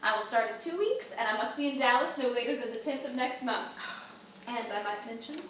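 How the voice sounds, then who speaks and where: An enthusiastic young aunt, a proud teacher, played by a woman. Her voice sits high and sounds far off in a very echoey room. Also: expressive, fairly quick, a bit bright, a little hiss or hum. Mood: excited. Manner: bubbly, enthusiastic.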